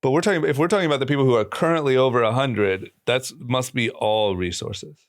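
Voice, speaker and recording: A man co-hosting a casual podcast chat who throws in quick replies and blunt asides. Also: mid-range voice. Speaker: podcast co-host.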